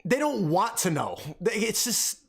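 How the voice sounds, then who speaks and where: A young man ranting excitedly and profanely while reacting to clips on a live stream. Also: high-pitched, unhurried, gravelly.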